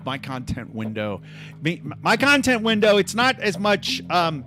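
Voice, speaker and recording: A man's voice: sits high, big pitch swings, unhurried, sharp tone, soft background music. A man hosting a livestream in casual chat, rambling and joking at his own expense. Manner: rambling, joking, self-deprecating. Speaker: livestream host.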